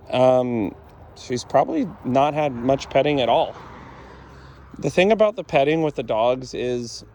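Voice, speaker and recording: A man's voice: medium pitch, warm tone. A man working as a dog trainer, talking through a session outdoors in a blunt, matter-of-fact way. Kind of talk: casual explanatory commentary while training.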